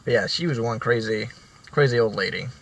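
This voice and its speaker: A young man with a bright, forward voice telling school stories in a loose, rambling way. He restarts sentences often and swears casually as he goes. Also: mid-range voice, fairly quick, dry recording, low-quality recording. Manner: rambling, profane, many restarts. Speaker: vlogger. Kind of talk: casual storytelling.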